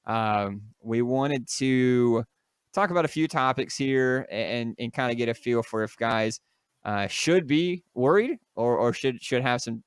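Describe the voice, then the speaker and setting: Young man, casual podcast co-host, smooth resonant voice, dry close sound, jokey and rambling. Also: medium pitch, no echo. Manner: jokey, loose, lots of fillers and restarts. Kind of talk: casual sports podcast chat.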